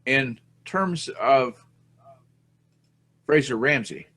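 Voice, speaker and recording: A podcast host speaks very slowly in a mid-range, slightly bright voice with lively intonation. The chat is casual and rambling, and he often jokes at his own expense.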